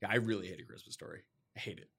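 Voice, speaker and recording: A man's voice: fairly low pitch, racing, gravelly, sharp tone, slightly rough. A man hosting a casual podcast, talking bluntly and emphatically, with plenty of swearing. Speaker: podcast host.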